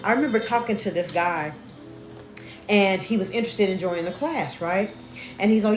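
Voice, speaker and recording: A woman's voice: mid-range voice, moderate pace, reverberant, faint music behind. A woman coaching a live class in a casual, talky way, often checking in with "right?" and greeting viewers by name. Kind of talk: motivational live class talk.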